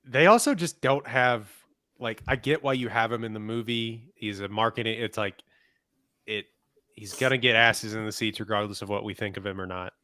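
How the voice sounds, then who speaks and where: A man's voice: on the low side, moderate pace, bright, forceful tone, no room sound. Podcast co-host, young man, wry and chatty, resonant, dry close sound. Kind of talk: casual chat.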